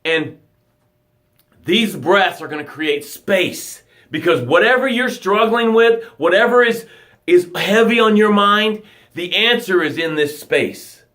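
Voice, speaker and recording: Dramatic, fairly high-voiced male coach. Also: slow pace. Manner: dramatic, swings from loud urging to soft hushed guidance. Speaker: motivational coach. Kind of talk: motivational talk to viewers. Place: home livestream. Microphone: phone or webcam, live broadcast.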